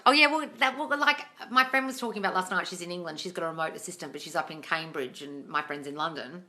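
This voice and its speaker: A woman's voice: on the low side, fairly quick, pushed and bright. Sweary woman calling everyone darling. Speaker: manifesting coach hosting a live Q&A. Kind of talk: casual live Q&A, reading out viewer comments.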